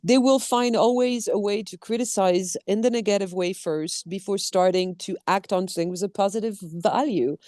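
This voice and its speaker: Animated French-accented woman. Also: medium pitch, normal speed, hardly any pauses, no room sound, clean studio sound. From France. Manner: animated, expressive, acts out quotes. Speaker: guest, voice director and actor. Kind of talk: casual interview chat.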